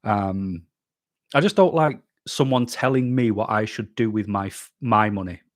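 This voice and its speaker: A man from England, hosting a YouTube live stream, reads chat comments aloud and answers each one bluntly in a casual, chatty manner. His voice is on the low side and his pace measured. The recording is dry and studio quality.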